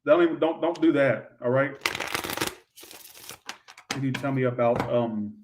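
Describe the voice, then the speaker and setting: Male tarot reader, brash and crude, middle pitch, some distance from the mic. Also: a little slow, noisy background. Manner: blunt, swears freely, loud outbursts. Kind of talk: live tarot reading.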